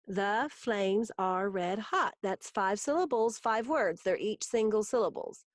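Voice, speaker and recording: A woman teaches a recorded grammar lesson at an unhurried, deliberate pace. She walks through each rule step by step with patience, her voice sitting in the middle of the range. The sound is dry and close, with no room around it. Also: medium pitch, dry recording.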